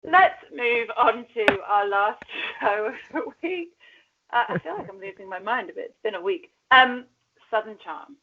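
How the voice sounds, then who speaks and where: A woman's voice: fairly high pitch, animated, normal speed, a little hiss or hum. A woman co-hosting a podcast, chatting casually about reality TV, laughing often and cursing now and then. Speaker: podcast co-host. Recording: dull lo-fi sound.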